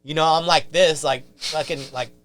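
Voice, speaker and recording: A man's voice: fairly high pitch, fairly even intonation, moderate pace, a bit bright, soft background music. A man, a podcast guest, telling a rambling, casual story full of fillers and swearing.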